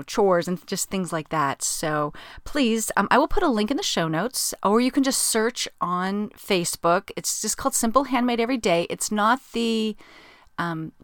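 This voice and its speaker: A woman's voice: fairly low pitch, dry recording, clean studio sound. A woman hosting a podcast, chatting casually and rambling with lots of fillers. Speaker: podcast host. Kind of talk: casual chat.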